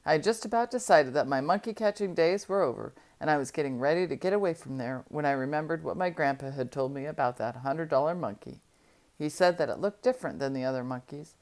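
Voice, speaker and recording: A woman reading a novel aloud, telling it in a steady first-person storytelling manner. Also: low voice. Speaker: audiobook reader.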